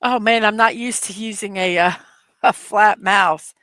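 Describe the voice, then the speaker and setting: A woman's voice: mid-range voice, steady tone, a little slow, sharp tone, no room sound. A middle-aged woman hosting a casual livestream chat, telling rambling stories full of fillers and laughs from her computer desk at home. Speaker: livestream host.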